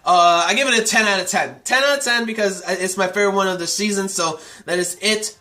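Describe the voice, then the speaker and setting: Bright high-voiced young man reviewing. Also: fast, hardly any pauses. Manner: rambling, excited, filler-heavy retelling. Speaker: anime reviewer. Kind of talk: casual episode recap review.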